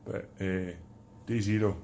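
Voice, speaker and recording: A Scottish man with a low, gravelly, mellow voice rambles in a jokey way through a casual vlog. His speech stays fairly flat, with a faint hiss of background noise. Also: unhurried. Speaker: charity trekker.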